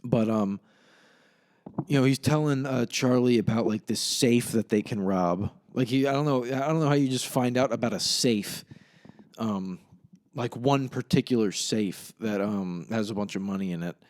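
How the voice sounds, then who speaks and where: A man's voice: medium pitch, normal speed, a little mellow. A young man hosting a casual solo podcast, rambling and swearing as he retells a film. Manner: rambling, profane, laughs at his own retelling. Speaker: podcast host.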